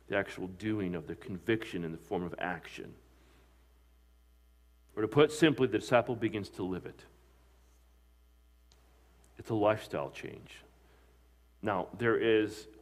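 A man, a pastor, preaching a sermon with emphatic delivery, asking his listeners questions and answering them. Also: lowish voice. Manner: emphatic preaching with rising and falling loudness, asks the congregation questions.

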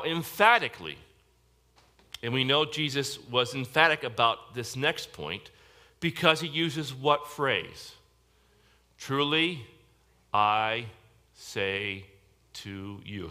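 A man's voice: medium pitch, measured pace, pushed and bright. A man preaching a sermon to a congregation in a church service, emphatic and direct, often asking the listeners questions. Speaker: pastor.

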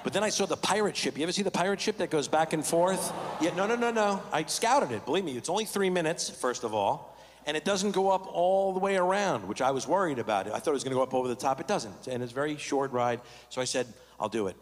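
A man doing stand-up comedy as an animated, self-mocking storyteller on a large theater stage. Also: fairly high pitch, fast. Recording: reverberant stage recording with background noise.

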